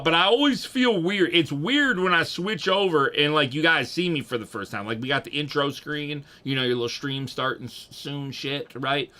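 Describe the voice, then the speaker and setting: A man's voice: on the high side, moderate pace, few pauses, bright, forceful tone. A young man, rambling and joking profanely as he chats with his livestream audience. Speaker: streamer. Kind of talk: casual livestream chat.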